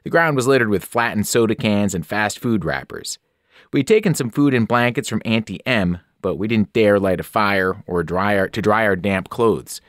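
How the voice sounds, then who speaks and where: A man, a teacher, narrating a novel aloud in an expressive storytelling manner. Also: fairly low pitch, normal speed, no room sound, clean studio sound. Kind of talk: audiobook narration.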